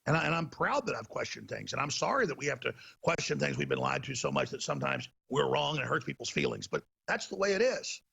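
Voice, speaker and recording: A man's voice: mid-range voice, lively intonation, fast talker, gravelly, hardly any pauses, bright, forceful tone, slightly rough, highs cut off. A man hosting a talk show, delivering a heated, emphatic ranting monologue.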